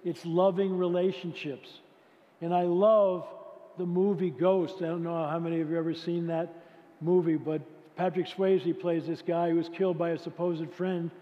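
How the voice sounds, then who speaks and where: A man's voice: on the high side, level tone, normal speed. A man giving a motivational faith talk at a conference, speaking conversationally and asking his audience rhetorical questions. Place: large conference hall. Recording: echoey hall, dull lo-fi sound.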